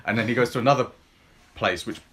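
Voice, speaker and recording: A man's voice: mid-range voice, fast talker. A man co-hosting a podcast, reviewing films in casual chat and retelling scenes in a rambling way, full of ums and likes. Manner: rambling and filler-heavy, lots of ums and likes; relaxed, retelling film scenes in plain everyday talk.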